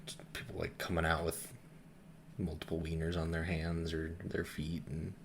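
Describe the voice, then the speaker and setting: Deep-voiced goofy young man. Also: monotone, moderate pace, a little hiss or hum. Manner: goofy, laughs at his own jokes. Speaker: podcast co-host. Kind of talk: casual chat.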